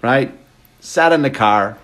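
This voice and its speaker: A man's voice: mid-range voice, slow pace. Profane man telling a comic story. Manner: profane, animated, keeps checking in with the listener. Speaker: comedian. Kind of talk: comedic storytelling.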